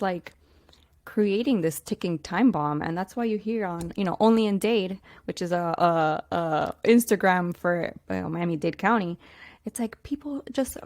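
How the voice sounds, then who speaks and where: A woman's voice: mid-range voice, a little mellow, no echo. Podcast co-host, woman, thoughtful and rambling, dry recording. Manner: reflective, drawn-out phrasing with many fillers. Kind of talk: casual chat.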